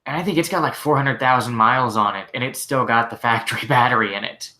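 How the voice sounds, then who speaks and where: Male host, shop mechanic, bright tone, casual Q&A, easygoing, filler-heavy. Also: mid-range voice, fast talker. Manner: relaxed, rambling, frequent fillers like "like" and "you know". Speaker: host answering viewer questions. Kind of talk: casual live-stream Q&A.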